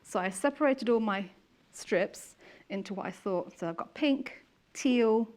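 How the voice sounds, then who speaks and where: A woman's voice: medium pitch, a little slow, a little mellow. A young woman chatting casually while she demonstrates quilting steps. She explains each step in a friendly, plain way.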